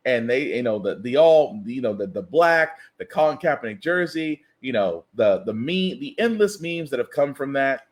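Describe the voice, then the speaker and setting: A man's voice: mid-range voice, animated, moderate pace, hardly any pauses. A man hosting a podcast, delivering a satirical news commentary monologue with incredulous, ranting comic asides. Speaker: podcast host. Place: lives in the US South.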